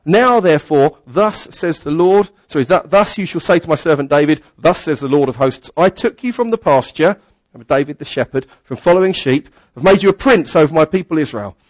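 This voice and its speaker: A man gives a sermon, reading Bible passages aloud and stopping to explain them in everyday words. His voice sits a little high for a man. The sound is dry and close, with little room echo. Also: lively intonation, brisk. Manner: reads scripture aloud and adds plain asides. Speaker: preacher.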